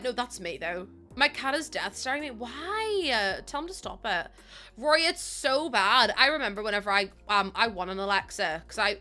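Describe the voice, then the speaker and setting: A young woman with a Northern Irish accent, chatting casually and giggling with her live chat as a streamer. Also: a little high. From Northern Ireland. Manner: chatty, giggly, loose and animated.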